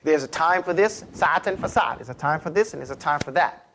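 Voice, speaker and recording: A man with a New York accent teaching a class, lively and animated, urging his students to repeat after him. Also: on the high side, fairly quick, slight background noise. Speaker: Arabic teacher. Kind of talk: classroom lecture.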